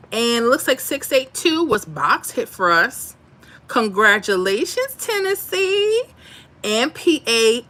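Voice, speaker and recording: Bright-voiced woman livestream host. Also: fairly high pitch. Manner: chatty, animated, reads out lottery numbers and comments. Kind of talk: casual livestream chat reading viewer comments.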